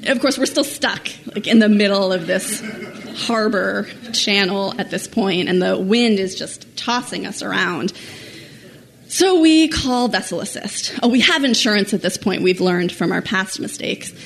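A woman telling a personal story to an audience in an animated, self-mocking way, laughing at herself as she goes. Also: mid-range voice, a little slow, vocal fry, slight background noise.

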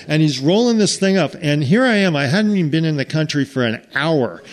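A man's voice: on the high side, fairly quick. A man with an American accent telling a casual travel story, rambling with restarts and acting out what people said. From United States. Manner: animated, rambling with restarts, acts out quotes.

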